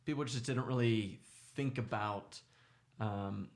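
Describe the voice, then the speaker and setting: A man's voice: on the low side, takes it slowly. A man co-hosting a podcast, speaking thoughtfully and hesitantly in a casual chat about his childhood. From grew up in the suburbs. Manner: thoughtful, hesitant, with many restarts. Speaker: podcast co-host.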